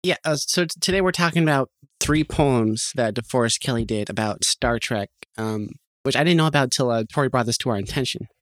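A man's voice: mid-range voice, a little fast, hardly any pauses, no echo. Dry-humored male podcast co-host. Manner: dry sarcastic asides. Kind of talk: casual chat.

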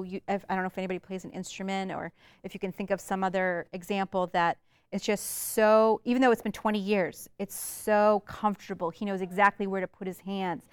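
A woman's voice: medium pitch, clean tone, no room sound. A woman teaching a literature lesson in a chatty way, with many fillers as she explains and reads aloud.

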